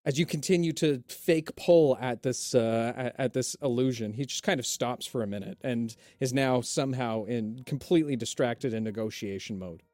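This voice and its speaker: A man running a tabletop game as game master, relaxed with many fillers. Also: medium pitch, normal speed, few pauses, no room sound. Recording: dry, with faint music.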